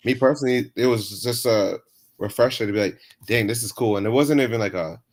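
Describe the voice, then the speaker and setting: A man's voice: medium pitch, quick pace, a little mellow. Easygoing man chatting casually. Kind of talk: casual chat.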